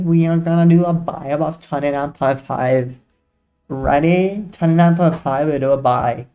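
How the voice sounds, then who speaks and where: A man's voice: on the high side, mellow. A man hosting a live trading stream, chatting casually with viewers and joking as he walks through chart setups.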